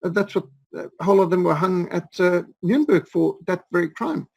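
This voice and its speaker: A man's voice: high-pitched, fairly quick, vocal fry, no room sound, low-quality recording. A man in his fifties, from Zimbabwe, telling rambling stories with many fillers as an interview guest. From Rhodesia. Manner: rambling, anecdotal, with frequent fillers and restarts. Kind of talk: storytelling in an interview.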